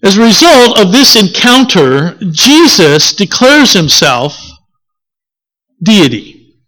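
A preacher delivering a sermon in an expressive style, asking the congregation questions and correcting themselves as they go. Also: medium pitch, slow pace. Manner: corrects themselves mid-sentence.

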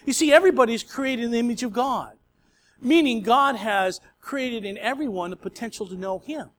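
A man with a notably high voice delivers a sermon as pastor, telling stories in an easy, conversational way. A faint hiss of noise sits under his voice. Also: moderate pace, fairly bright tone. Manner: conversational storytelling preaching.

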